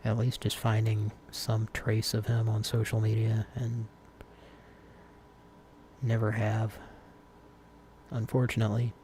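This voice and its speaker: A man's voice: fairly low pitch, monotone, slow, pauses often, a little mellow, slight background noise. A man hosting a live call-in stream, chatting casually and rambling with fillers and restarts.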